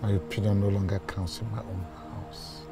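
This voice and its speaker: A man's voice: on the low side, flat delivery, normal speed, creaky, over loud music. An anguished Nigerian father. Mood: bitter. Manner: pleading, emotional, bitter. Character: distressed poor father of several children.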